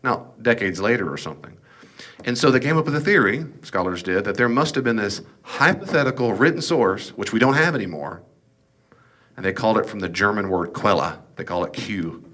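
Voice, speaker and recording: A man's voice: lowish voice, lively intonation, a little fast, a bit bright. A man teaching an informal Bible class, folksy and digressive with joking asides.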